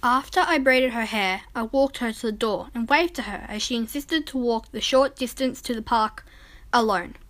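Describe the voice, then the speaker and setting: A woman narrating a first-person story in a calm, measured reading voice. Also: fairly high pitch.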